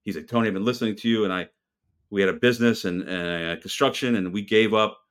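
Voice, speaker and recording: A man with a fairly low voice talks as a podcast guest. He is blunt and fired up, and he throws in a curse word here and there. He tells his stories with a lot of heat. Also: fast talker, smooth. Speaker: restaurant owner, guest. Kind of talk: casual podcast interview.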